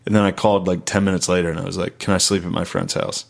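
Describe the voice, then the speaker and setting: A young man telling crude stories in casual chat, laughing often and quoting people in a high squeal. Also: fairly even intonation, rapid-fire, creaky.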